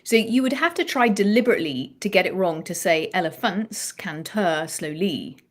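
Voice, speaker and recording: A woman songwriting coach explaining ideas in an animated interview chat, restarting her phrases as she thinks aloud. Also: medium pitch, fast.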